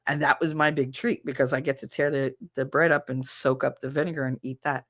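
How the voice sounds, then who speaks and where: A woman streamer chatting casually while she works, telling animated stories, laughing often and acting out the people she quotes. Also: a bass voice, brisk, dry recording, studio quality. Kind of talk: casual chat while doing a task.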